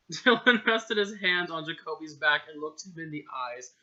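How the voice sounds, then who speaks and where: Casting: self-mocking, giggly man reading his old story aloud, high and bright, dull lo-fi home recording. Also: animated, moderate pace. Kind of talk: casual story reading with comic asides.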